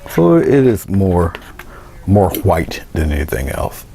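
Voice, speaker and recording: A man casually talking through a painting demonstration step by step as an art instructor, trailing into quiet asides as he works. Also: sits low, sing-song, slow pace, creaky, a little hiss or hum. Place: indoor studio.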